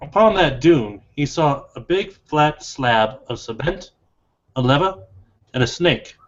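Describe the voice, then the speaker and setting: A folksy man with a slightly high voice winds through a long joke at a tabletop game, drawling in places. The recording sounds dull and lo-fi. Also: animated, unhurried. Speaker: player. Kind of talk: storytelling a joke in character.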